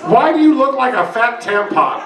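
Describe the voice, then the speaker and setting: A man performing as a drag queen in a live roast, delivering bawdy insults with shouted punchlines. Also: extremely high pitch, big pitch swings, moderate pace, heavy background noise. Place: bar function room with live audience. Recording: echoey room, mic from a distance, loud crowd.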